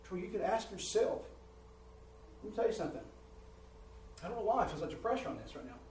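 A man preaching a sermon, rising in volume and pitch as he presses his points and often repeating words. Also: big pitch swings, quick pace, a little mellow, a little hiss or hum. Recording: roomy church sound from a distant mic.

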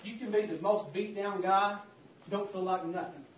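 In a roomy church recorded from a distance, a man with a high-pitched voice delivers a fervent, repetitive sermon at normal speed, calling out "saints of God" to the congregation. A little hiss or hum sits under the audio.

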